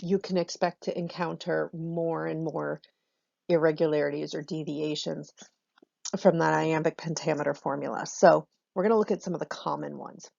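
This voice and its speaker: A woman teacher giving a recorded lesson on Shakespeare's meter, explaining in a relaxed way with frequent ums. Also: low-pitched, normal speed, vocal fry, dry recording, dull audio.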